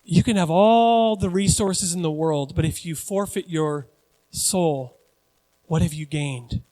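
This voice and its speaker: A pastor in his forties preaching a sermon in a joking, conversational, animated way. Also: fairly high pitch, slow pace. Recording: long church hall reverb.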